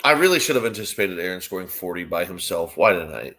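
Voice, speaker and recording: A man's voice: low-pitched, fast. A man, a guest on a sports watchalong, chatting casually and swearing freely as he reacts to the game. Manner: animated, profane, exclaims at the action.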